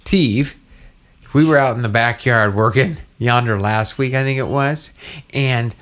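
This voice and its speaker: A man's voice: medium pitch, unhurried, a bit bright. A man co-hosting a casual podcast, telling a rambling story and acting out the dialogue. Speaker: podcast co-host. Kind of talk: casual chat.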